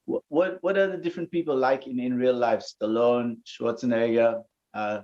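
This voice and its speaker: A man's voice: mid-range voice, steady tone, normal speed. A man hosting an interview, asking questions in a loose conversational way with frequent restarts. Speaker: host, aikido teacher. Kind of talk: casual interview. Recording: dull lo-fi audio.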